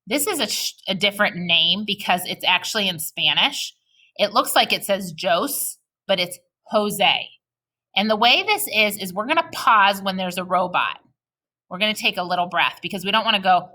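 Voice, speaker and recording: Bright-voiced woman teaching young children. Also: mid-range voice, expressive. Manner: slow, exaggerated modeling of reading aloud; patient, encouraging talk to young children. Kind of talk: recorded early-grade reading lesson.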